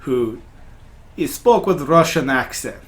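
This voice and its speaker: A man's voice: medium pitch, animated, slow pace. A man recapping a tabletop game session as game master, in a casual way with many fillers and restarts.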